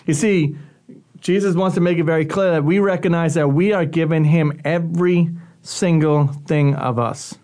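A man's voice: fairly high pitch, steady tone, normal speed, mellow. A male youth pastor giving a radio sermon talk in a conversational, earnest teaching manner.

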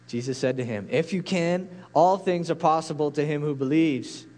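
High-voiced pastor preaching earnestly. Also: male voice, normal speed, hardly any pauses, darkish tone. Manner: earnest, pleading, rising to intense peaks. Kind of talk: sermon.

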